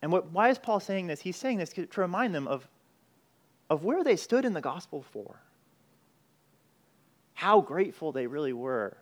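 A male pastor with a fairly high voice delivers a sermon in an earnest, conversational tone. He leans on rhetorical questions, and he often repeats and restarts his words as he works through a point. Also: sing-song, normal speed, long pauses.

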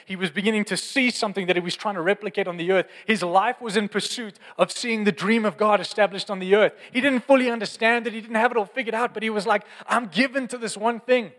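A young man preaching a sermon, telling stories in a lively, conversational, fervent way. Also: high-pitched, fast, hardly any pauses. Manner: animated storytelling, conversational and fervent. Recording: long hall reverb.

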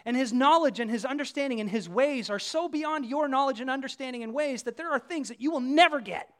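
A man giving a sermon in a conversational preaching style, telling vivid everyday illustrations and swinging between hushed and loud delivery. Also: very high-pitched, fairly quick. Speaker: pastor.

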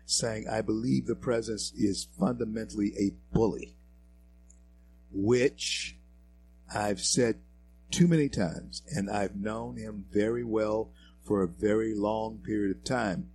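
A low-pitched man hosts a political talk show, talking in a preachy, fired-up way that keeps climbing into loud, emphatic outbursts. Between those outbursts he reads quotes aloud with stray fillers and restarts. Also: steady tone, takes it slowly, vocal fry, slight background noise, poor audio. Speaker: show host. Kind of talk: political commentary monologue.

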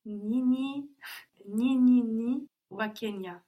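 A native French-speaking woman answering in a language lesson, giving slow, careful and sometimes hesitant answers. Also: on the high side, mellow, lo-fi sound. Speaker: language learner.

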